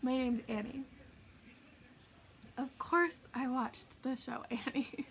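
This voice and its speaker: Woman, tarot reader, casual chat, slow unhurried delivery, slips into whispers. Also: sits high, noisy background. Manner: chatty and self-mocking, often laughing; drops into soft whispers. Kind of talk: casual intuitive tarot reading.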